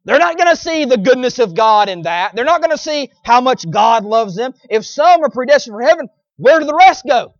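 A man's voice: very high-pitched, expressive, fairly quick, few pauses, dry recording. A man preaching a sermon in a folksy, emphatic style, with sarcastic asides to his congregation, on a dull lo-fi recording.

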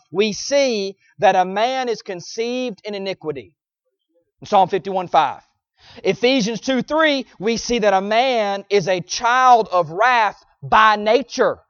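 A man's voice: extremely high pitch, no echo. A man preaching a sermon in a folksy, emphatic style, with sarcastic asides to his congregation, on a dull lo-fi recording.

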